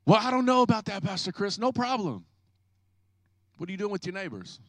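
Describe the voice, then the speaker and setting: A man pastor preaching an energetic, joking sermon, acting out people's excuses. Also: high voice, brisk, dry recording.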